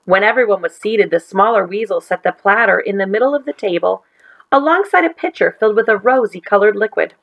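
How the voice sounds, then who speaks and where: A woman teacher reading a chapter book aloud to children in a gentle, expressive way. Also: medium pitch, brisk, vocal fry, rough recording.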